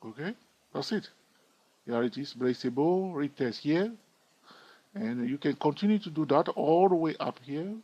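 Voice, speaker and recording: A man's voice: fairly high pitch, lively intonation, a little slow, pauses often, dark tone, dry recording, highs cut off. A man giving a screen-recorded chart tutorial in a chatty way, thinking aloud and asking his viewers questions. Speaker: trading educator.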